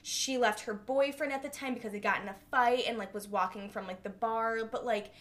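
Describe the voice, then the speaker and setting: A woman's voice: a little high, steady tone, fairly quick, fairly bright tone. A young adult woman co-hosting a podcast, telling a story in casual chat and swearing freely. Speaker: podcast co-host.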